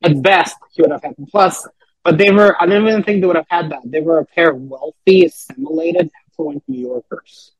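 A man with a slightly high, husky voice, chatting as a podcast guest. He rambles through his points with plenty of fillers and restarts. The sound is dry and close. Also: brisk, no echo, poor audio. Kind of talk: casual chat.

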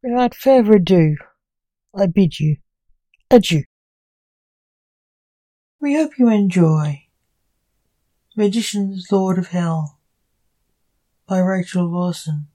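A woman author reading her own gothic short story aloud in a measured storytelling manner. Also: lowish voice, dark tone, rough recording. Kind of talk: audiobook narration.

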